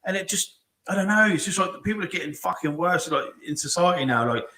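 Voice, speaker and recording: A man's voice: high voice, expressive, fast, pushed and bright. A man, co-hosting a podcast, ranting in sweary casual chat and calling everyone mate. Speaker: podcast co-host. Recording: roomy echo.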